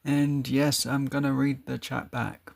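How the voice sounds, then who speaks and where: A man's voice: mid-range voice, little pitch movement, unhurried, vocal fry. A man chatting casually to his live stream viewers, rambling a bit and laughing often. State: out of breath.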